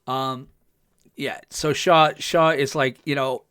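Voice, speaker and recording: A man's voice: mid-range voice, steady tone, slow, a bit bright, clean tone, no echo, studio quality. A man co-hosting a podcast, casually recapping a TV episode with lots of fillers and enthusiasm. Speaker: podcast co-host.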